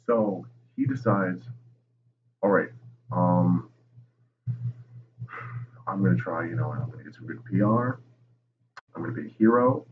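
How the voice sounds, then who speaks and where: A man's voice: deep voice, normal speed, pauses often. A young man hosting a podcast, telling history in a casual, rambling, profane and jokey way. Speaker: podcast host. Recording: tinny phone-like line with noise.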